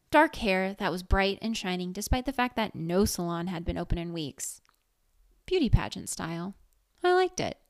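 A woman's voice: mid-range voice, dry recording, clean studio sound. Wry woman narrating a story. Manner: wry, sarcastic and conversational. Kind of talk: first-person story narration.

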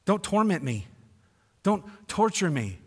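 A man's voice: high-pitched, very animated, measured pace, slightly rough, pitched above the performer's own voice, full character voice. Begging male demon, desperate and drawn out, voiced by a preacher; long reverb. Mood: pleading.

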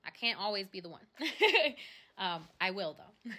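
A woman's voice: mid-range voice, sing-song, unhurried, bright, forceful tone. A young woman hosting her own podcast, talking casually and rambling with lots of fillers and little laughs. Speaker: podcast host. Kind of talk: casual solo podcast chat.

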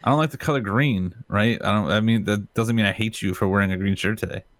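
A man's voice: fairly low pitch, fast talker, no echo, clean studio sound. A male streamer in a casual chat, laid-back and blunt, swearing offhandedly.

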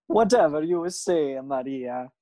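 A woman's voice: low-pitched, expressive, slow, warm tone, dry recording, pitched below the performer's own voice. A woman voicing a nervous impostor man faking being Italian, stammering through his excuses in an improv sketch. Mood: flustered. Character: fake Italian man pretending to be Italian, flustered.

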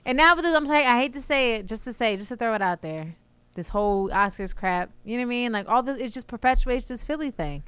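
A woman from co-hosting a casual sports podcast, talking in an animated way and often restarting her sentences. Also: fairly high pitch, fast, clean tone, dry recording. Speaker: podcast co-host.

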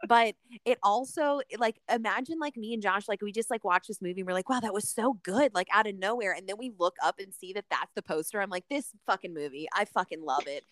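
A woman's voice: mid-range voice, quick pace, hardly any pauses, fairly bright tone, no room sound. A young woman hosting a casual podcast chat, talking animatedly with lots of filler words. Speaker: podcast host.

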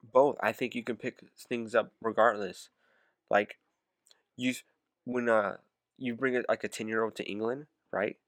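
A man in his forties in a casual chat, calm and hesitant, often searching for words. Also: on the low side, moderate pace, dry recording. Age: 40s. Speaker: podcast co-host.

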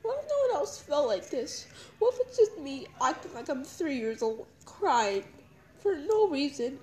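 A young woman crying as she talks through her feelings in a halting, repetitive confessional monologue. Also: high voice, sing-song, a little mellow, rough recording. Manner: halting, emotional, repeats herself. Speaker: podcast host.

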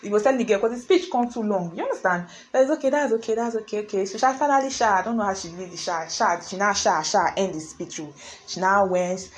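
A young adult woman with a Nigerian accent, telling a story to her viewers in a chatty, expressive way with slangy asides. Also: mid-range voice, fast talker, a little hiss or hum, poor audio. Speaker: vlogger.

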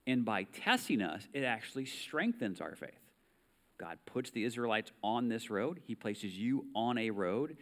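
A man with an American accent preaching a sermon in a conversational way, reading scripture aloud and asking the listeners rhetorical questions. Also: mid-range voice. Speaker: pastor.

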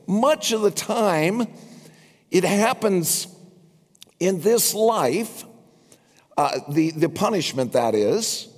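An older man preaching a sermon as pastor, with wry asides to his congregation. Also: high voice. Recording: long reverb from a large hall.

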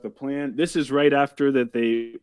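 Podcast host, male, deadpan recap delivery, dry close mic, mid-pitched. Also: normal speed, clear, resonant tone, dry recording. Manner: wry, deadpan summarizing with profanity. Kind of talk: casual episode recap.

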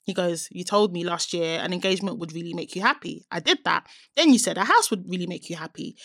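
Female co-host, chatty and animated, dry studio mic. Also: fairly low pitch, dry recording. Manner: animated storyteller, voices both sides of a quoted chat. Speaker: podcast co-host. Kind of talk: casual chat, reading out a text exchange.

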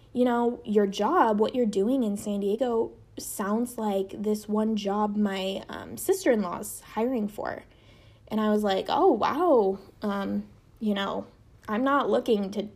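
Chatty young woman with a gravelly edge. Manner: chatty, lots of fillers, voice jumps high when quoting. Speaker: podcast host. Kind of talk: casual storytelling.

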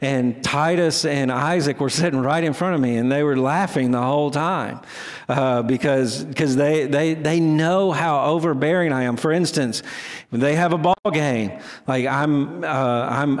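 A middle-aged male pastor delivering a sermon in a slightly higher-than-usual voice. He talks in a loose, conversational way and pokes fun at himself. His voice carries a long reverb from a large hall. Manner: conversational, self-deprecating, with frequent restarts.

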